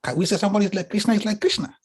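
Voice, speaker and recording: Moderator, husky voice, earnest questioning. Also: medium pitch, very fast.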